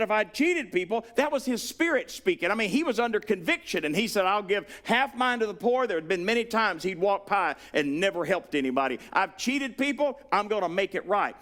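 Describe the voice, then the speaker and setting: A man with a Southern US accent preaching a sermon, animated, acting out the voices he quotes. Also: high-pitched. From Southern United States. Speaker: pastor.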